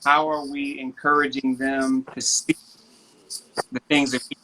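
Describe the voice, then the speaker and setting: Guy in his 30s on a live video chat, bright forceful voice, animated storyteller. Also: medium pitch, unhurried, a little hiss or hum. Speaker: guest. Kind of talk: casual chat. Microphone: video call.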